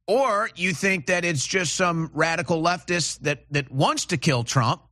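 A man's voice: sits high, normal speed, sharp tone. A man hosting a political call-in radio show, ranting with repeated rhetorical questions and restarts. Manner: agitated, repetitive, rising to indignant rhetorical questions. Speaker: radio talk show host.

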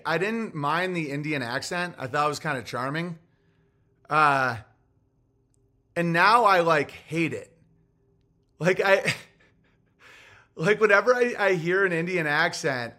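A man's voice: fairly high pitch, pushed and bright. A man hosting a livestream, talking in a rambling, provocative and profane way. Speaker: comedian and show host. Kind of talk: casual livestream monologue.

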